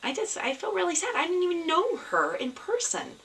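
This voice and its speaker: A woman's voice: very high voice, wildly swooping pitch, a little fast, fairly bright tone, distant mic, slight background noise, rough recording. Chatty woman heard from across a room. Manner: chatty, rambling, with many fillers and restarts. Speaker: knitting podcast host. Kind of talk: casual chat to camera. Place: at home, indoors.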